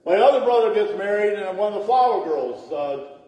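A man's voice: high-pitched, lively intonation, a little fast, mellow. A middle-aged man, a pastor, telling humorous wedding stories in a chatty sermon with laughing asides and acted-out voices. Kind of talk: storytelling sermon. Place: church sanctuary. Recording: echoey church hall from far off.

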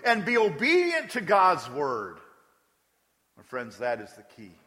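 A man's voice: on the high side, wildly swooping pitch, unhurried, sharp tone, slight background noise. A man preaching a sermon as pastor, emphatic and acting out prayers aloud. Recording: long hall reverb.

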